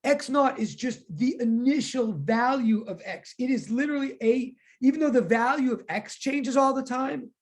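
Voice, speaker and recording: A woman teaching a physics class online, talking in quick self-correcting bursts. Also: high voice, a little mellow, husky.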